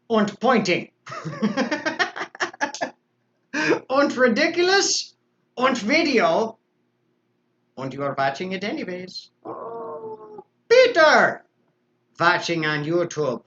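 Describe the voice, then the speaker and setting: A man putting on a pompous mock doctor, slow and theatrical. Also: high voice, huge pitch swings, sharp tone, lo-fi sound, slight background noise, voice pushed up, exaggerated voice. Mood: grandly lecturing. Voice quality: put-on foreign accent, slow theatrical delivery. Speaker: host. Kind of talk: comic live-stream lecture.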